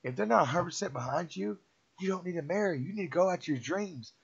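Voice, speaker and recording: A man's voice: high-pitched, expressive, fast talker, creaky, slightly rough. A middle-aged man giving a rambling, emphatic motivational talk, repeating himself and preaching to the listener. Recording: dull lo-fi sound.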